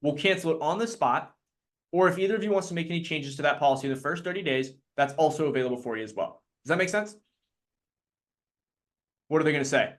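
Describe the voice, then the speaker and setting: A man leading a live sales training talk, energetic and quick to act out his clients in put-on voices. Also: on the high side.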